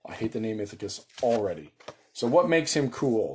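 Excitable, foul-mouthed American man. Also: mid-range voice, normal speed. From United States. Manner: excited, joking, swears casually. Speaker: solo tabletop game player. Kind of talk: casual solo game chat.

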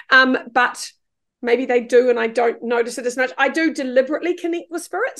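A middle-aged woman, a podcast guest telling stories in casual chat, swearing freely and acting out her own quoted lines. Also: fairly high pitch.

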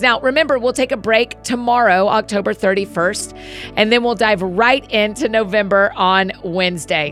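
A woman hosting a daily Bible-reading podcast, reading scripture aloud in an earnest, steady way. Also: medium pitch, moderate pace, faint music behind.

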